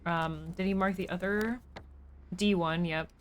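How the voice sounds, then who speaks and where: A woman's voice: lowish voice, steady tone, unhurried, slight background noise. A woman streamer giving casual live commentary as she plays a game, chatty and joking as she thinks aloud.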